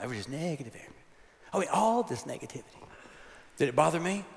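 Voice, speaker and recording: A man's voice: mid-range voice, lively intonation, fast. A man, preaching a chapel sermon with folksy, humorous storytelling. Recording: long hall reverb.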